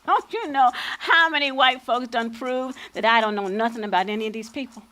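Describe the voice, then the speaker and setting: A woman's voice: fairly high pitch, brisk, pushed and bright. A woman playing a spirited older freedom fighter on stage. She tells stories in a folksy vernacular, by turns playful and defiant. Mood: patient explaining. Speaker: lead actor. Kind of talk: stage acting.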